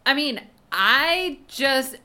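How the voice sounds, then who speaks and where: A young woman co-hosting a podcast in casual chat, animated and swearing as she recaps scenes. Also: high-pitched, very slow. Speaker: podcast co-host.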